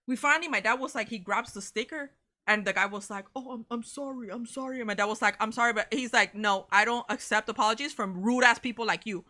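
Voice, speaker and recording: A young woman, co-hosting a casual chat and telling a story in an animated way, swearing freely and saying "bro" a lot. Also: medium pitch, fast. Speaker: co-host of a reaction channel.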